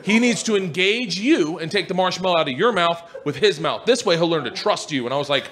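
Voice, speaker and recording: A man, a stand-up comedian, animatedly telling a story to a live audience and acting out the other people's voices, shouting at the peaks. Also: sits high, animated, fairly quick. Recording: live stage recording with loud audience laughter. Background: audience laughter and noise.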